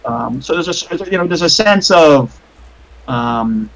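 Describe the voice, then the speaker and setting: A man's voice: fairly high pitch, expressive, unhurried, fairly bright tone, rough recording. A man narrating as game master of a tabletop game over a voice call, rambling with many fillers and restarts.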